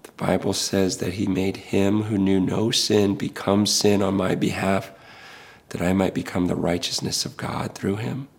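A man's voice: low voice, fairly even intonation, unhurried, gravelly. A middle-aged male pastor speaking in an earnest, preaching style, impassioned and pleading, repeating words as he builds.

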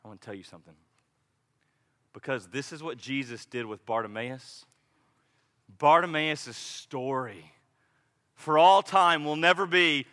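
A man preaching a sermon, dramatic, swinging between loud and hushed as he acts out the people in the story. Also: high voice, moderate pace. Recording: echoey hall reverb.

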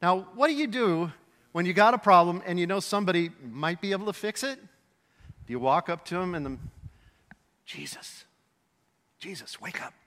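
A high-voiced man preaches a sermon with lively, animated delivery, sometimes acting out voices and raising to a shout for emphasis. His tone is bright and forward, and the long reverb of a large hall trails after each phrase. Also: fast talker. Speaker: pastor.

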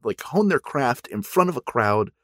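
A man's voice: medium pitch, big pitch swings, moderate pace, a bit bright, no echo, clean studio sound. A man hosting a podcast in casual chat, musing aloud and asking questions. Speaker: podcast host.

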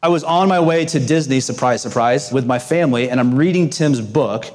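A man's voice: mid-range voice, fairly quick, darkish tone. Middle-aged man at a banquet podium, jokey and self-deprecating, conversational delivery. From Texas. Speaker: graduation speaker. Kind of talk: humorous speech to a live audience. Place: banquet room before an audience.

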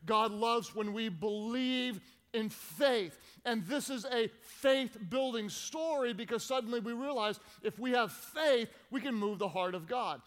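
Male pastor, high voice, animated storytelling, big echoing church hall. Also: a little slow. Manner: animated storytelling with acted-out shouts. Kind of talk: sermon. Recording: long reverb of a large hall.

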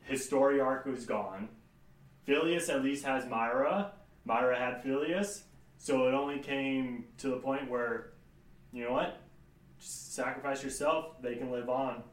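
A man's voice: medium pitch, unhurried, reverberant, distant mic. A man recapping a tabletop game, casual and matter-of-fact. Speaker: player.

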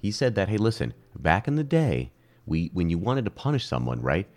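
Deep-voiced, animated joking man. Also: fairly quick. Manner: animated, rambling, jokey, leaps up in pitch for emphasis. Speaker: podcast co-host. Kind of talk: casual chat.

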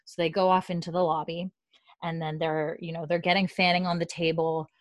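Speaking fairly quickly in a fairly low voice, this podcast host recaps a show in casual chat, animatedly retelling scenes and performing the characters' lines.

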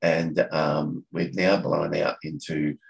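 A deep-voiced Australian man with a gravelly, creaky edge talks casually on a podcast. He stops and restarts his sentences often and fills the gaps as he looks for the right words. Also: little pitch movement, low-quality recording. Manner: halting, with many restarts and fillers. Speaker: coffee catch-up organiser, podcast guest. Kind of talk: casual conversation.

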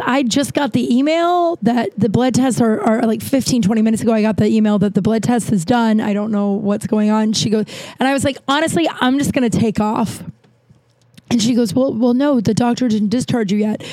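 A woman's voice: on the high side, a little fast, darkish tone, no echo. A young woman with long covid telling a frustrated story in a rambling, casual way, with frequent swearing.

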